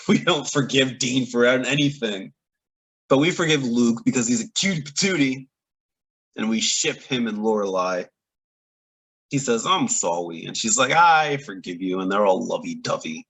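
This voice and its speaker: A man giving a casual, opinionated TV episode recap, animated and often laughing between points. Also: medium pitch, measured pace, creaky, pauses often, slightly rough, rough recording. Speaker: TV recap reviewer. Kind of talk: casual reaction review.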